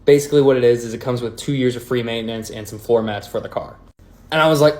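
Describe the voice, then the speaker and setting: A man casually telling a story about a car-buying ordeal, animated and incredulous. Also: medium pitch, fast talker. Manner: animated, incredulous retelling with laughs.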